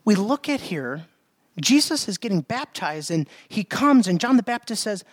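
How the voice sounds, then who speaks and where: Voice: mid-range voice, animated, a little fast, dry recording. A preacher giving a sermon, speaking emphatically, asking rhetorical questions and repeating words.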